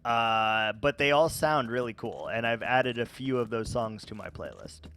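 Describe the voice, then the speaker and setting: A man casually chatting with viewers while playing a game, rambling and relaxed with many fillers and restarts. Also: mid-range voice, normal speed, slight background noise. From United States. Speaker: gaming vlogger. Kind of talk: casual let's-play chat answering viewers.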